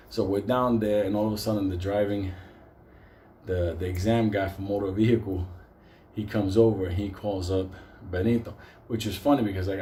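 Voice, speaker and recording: A man's voice: on the low side, dark tone, a little hiss or hum. Profane New storyteller man. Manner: profane, laughing, rambling. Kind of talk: casual comic storytelling.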